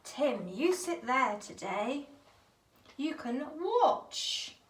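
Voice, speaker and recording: A woman's voice: high-pitched, very animated, extremely slow. A woman leading a bucket activity for a small child, narrating toys in an exaggerated sing-song voice full of gasps. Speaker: early-years teacher leading a bucket activity. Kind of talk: child-directed play narration.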